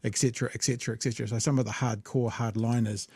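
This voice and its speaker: A man with a New Zealand accent hosting a casual political chat show, blunt, sarcastic and quick to swear. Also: mid-range voice, flat delivery, darkish tone, husky, dry recording. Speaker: podcast host.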